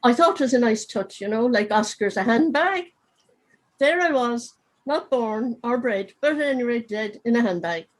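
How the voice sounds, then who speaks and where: A woman's voice: a little high, expressive, normal speed, low-quality recording. A woman with a Cork accent reading aloud from her novel as a dead man who narrates wryly from his urn, over a video call. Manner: wry, chatty storytelling.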